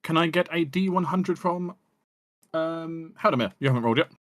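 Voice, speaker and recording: A man narrating a tabletop game as game master, with measured descriptive narration. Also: on the high side, fairly bright tone.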